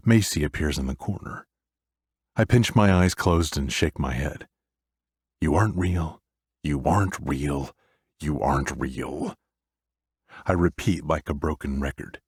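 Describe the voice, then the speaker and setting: A man narrating a dark romance audiobook in the first person, with a brooding, intense delivery. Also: deep voice, breathy edge, no room sound, studio quality.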